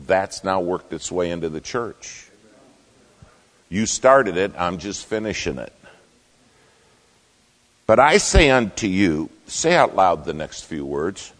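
A man preaching a sermon as pastor, emphatic, swinging between loud declarations and hushed asides. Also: low voice, in a large hall.

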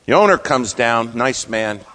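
A man preaching, telling an animated story with shifts in loudness. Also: mid-range voice, measured pace. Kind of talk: sermon storytelling.

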